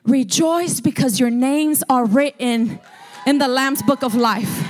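A woman pastor preaching a sermon, shifting from quiet storytelling to loud, drawn-out shouted declarations, often repeating and restarting words. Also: high-pitched.

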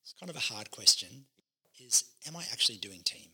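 A man who is a pastor co-hosting a leadership podcast, teaching with lively acted-out quotes. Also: medium pitch, brisk, slightly rough. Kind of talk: casual ministry podcast chat.

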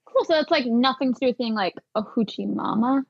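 A woman's voice: fairly high pitch, fairly quick, vocal fry, muffled recording. A woman co-hosting a podcast, giggly and asking plain questions in casual movie chat. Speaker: podcast co-host.

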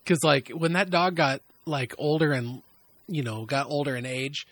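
A man in casual chat who describes himself as loud, telling animated and profane stories. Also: on the high side, normal speed, no room sound.

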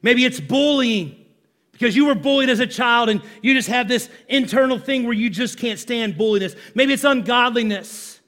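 Male pastor, high voice, animated sermon, chatty, questions to the room. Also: normal speed.

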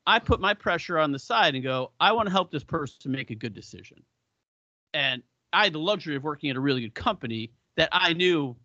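A man's voice: fairly high pitch, dry recording, dull audio. A man co-hosting a podcast, telling stories in casual, profane chat and acting out the people in them. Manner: profane, animated storyteller who acts out quotes. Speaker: podcast co-host.

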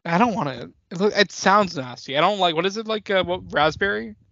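A young man with a slightly high voice co-hosts a movie podcast in loose, animated chat. He rambles, swears freely and breaks into laughter. The sound is dry and a little muffled. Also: brisk, gravelly, no echo. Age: young adult. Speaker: podcast co-host.

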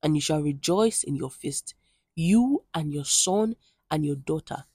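Woman devotional reader, low husky voice, close dry mic, earnest scripture reading. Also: lively intonation, unhurried, darkish tone, no room sound. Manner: earnest, conversational asides between readings.

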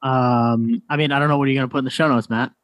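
A man's voice: medium pitch, steady tone, fast talker, no room sound. A man who is a videographer, guesting on a podcast in casual, teasing chat.

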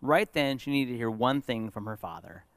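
A middle-aged man, a pastor preaching a sermon, telling a personal story in an earnest way that moves between lively and hushed. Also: mid-range voice, normal speed, no room sound.

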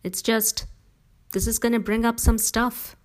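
A woman voicing a devoted middle-aged mother who speaks emphatically and persuasively, with gentle teasing. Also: on the high side, fairly even intonation, a little slow, pitched above the performer's own voice, natural voice.

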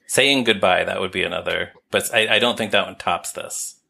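A man co-hosting a podcast, with a very low, gravelly voice and a bright, forceful edge. He thinks aloud in a casual way, hedging and circling as he answers. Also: normal speed. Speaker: podcast co-host.

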